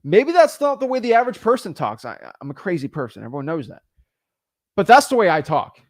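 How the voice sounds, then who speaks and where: A young man teaching real estate wholesaling in an energetic, casual way, acting out both sides of phone calls with sellers. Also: sits high, quick pace, no room sound, clean studio sound.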